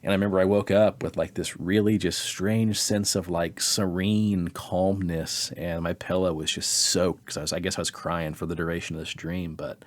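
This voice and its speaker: A man co-hosting a podcast, telling a dream story in a casual, animated way, with his voice jumping up when he quotes people. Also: low-pitched, moderate pace, hardly any pauses. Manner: animated, acts out quotes in a raised voice. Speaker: podcast co-host.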